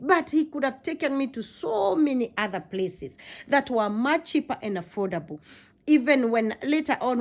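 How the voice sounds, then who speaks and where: A young woman from Kenya recounts a personal story to her camera, casual and animated. Her voice sits a little high, and she leans on repeated phrases to drive her points home. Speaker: vlogger.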